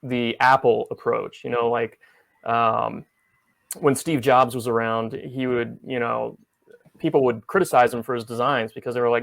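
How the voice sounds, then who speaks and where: A man hosting an interview, speaking in a measured, affirming way with plenty of fillers. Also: medium pitch, steady tone, gravelly, fairly bright tone, dry recording. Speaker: interviewer host. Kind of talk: casual interview talk.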